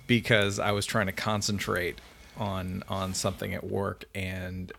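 A man's voice: on the low side, flat delivery, takes it slowly, vocal fry, pushed and bright. A man in his thirties with a Canadian accent, a friendly, good-humored guest on a casual podcast interview.

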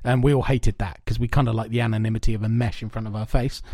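A man co-hosting a podcast in casual chat, telling long stories in an animated, rambling way with lots of swearing. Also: lowish voice, fast talker, no echo. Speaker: podcast co-host. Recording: dry, soundproofed home room.

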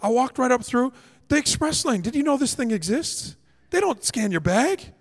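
A male pastor preaching a sermon as a lively, comic story, acting out the scenes. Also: very high-pitched, normal speed. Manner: animated, comic, acts out scenes. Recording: long hall reverb.

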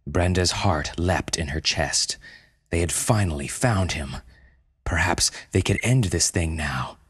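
A man reads a story aloud, calm and low-key. His voice is deep and husky, recorded close and dry with no room sound. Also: measured pace, dry recording. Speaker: narrator. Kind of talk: scripted narration.

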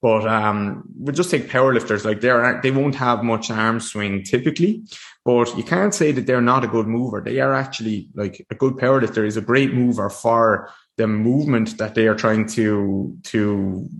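A man's voice: lowish voice, moderate pace. A man hosting a solo podcast, talking casually to a screen with frequent restarts and fillers. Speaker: podcast host. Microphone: desk mic facing a screen.

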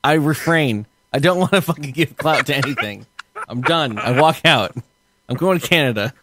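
A man's voice: a little high, moderate pace, fairly bright tone, slight background noise. Swearing, laughing young man on a podcast. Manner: profane, laughing, acts out reactions. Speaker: podcast co-host. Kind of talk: casual podcast banter.

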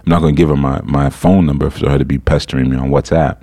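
A man hosting a podcast, telling a story in a casual, animated way, incredulous and laughing at times. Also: extremely low pitch, quick pace. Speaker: podcast host.

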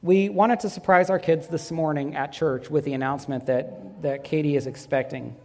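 Earnest pastor preaching in a reverberant hall. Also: male voice, on the high side, steady tone, moderate pace, a little mellow. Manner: earnest, storytelling with light humor. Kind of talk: sermon. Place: church sanctuary.

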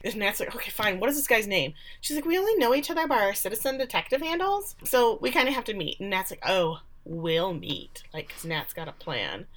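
A woman co-hosting a casual podcast, recapping episodes and acting out characters' lines in quick voices. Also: fairly high pitch, big pitch swings, fairly bright tone. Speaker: podcast co-host.

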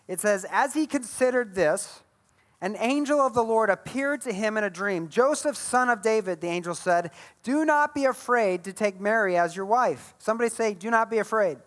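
A man preaching a sermon as a pastor, retelling Bible stories in an animated way and acting out the scenes. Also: sits high, normal speed.

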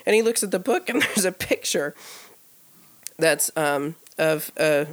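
A woman co-hosting a podcast, telling a story in a casual, animated way, full of "like" fillers and acted-out quoted dialogue. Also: low voice, unhurried. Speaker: podcast co-host. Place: live podcast taping before an audience.

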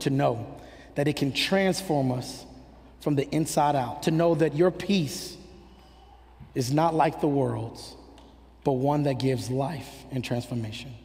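A man with a high voice preaches with fervent, rhythmic drive, building phrase on phrase. His words ring out through a church hall with a long, lingering reverb. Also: measured pace, gravelly, a little mellow. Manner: impassioned, rhythmic preaching cadence. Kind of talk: sermon. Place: church sanctuary.

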